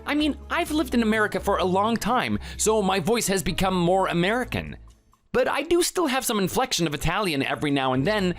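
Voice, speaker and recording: A man's voice: sits high, very animated, brisk, soft background music. A man voicing an indignant family man who confronts a bully, read in a synthetic texting-story style. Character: Italian-born family man standing up to a bully. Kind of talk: text-to-speech texting story.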